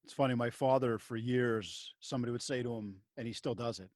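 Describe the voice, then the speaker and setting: A man hosting a podcast interview who talks in a relaxed, chatty way and asks questions. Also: medium pitch, fast talker, hardly any pauses, dry recording, studio quality. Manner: relaxed, chatty, plugs the guest's book. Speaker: podcast host. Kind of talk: conversational interview.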